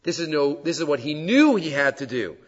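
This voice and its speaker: Guy giving a torah class, kinda high voice, dull echoey hall sound. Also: normal speed. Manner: animated, questioning, sprinkled with Hebrew terms. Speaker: Torah teacher. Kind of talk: weekly Torah portion class. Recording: dull audio with long hall reverb.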